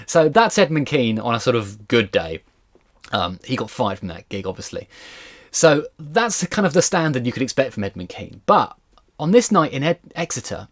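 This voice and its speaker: A man, a historian, giving a casual storytelling lecture in a lively, chatty way with asides. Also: medium pitch.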